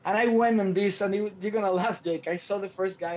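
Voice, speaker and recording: A man co-hosting a podcast, telling stories in an animated way and acting out the quotes, with frequent restarts. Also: high voice, fairly quick. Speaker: podcast co-host. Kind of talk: casual podcast chat. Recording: lo-fi podcast audio.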